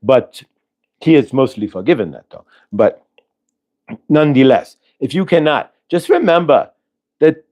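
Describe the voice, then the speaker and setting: A man's voice: on the high side, darkish tone. A man giving a live spiritual channeling talk, earnest and coaching, asking the listener rhetorical questions.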